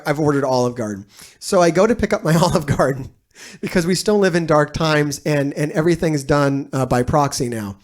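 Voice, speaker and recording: Rambling, foul-mouthed man telling a story. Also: a little high. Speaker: streamer reacting to a video. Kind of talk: casual reaction commentary.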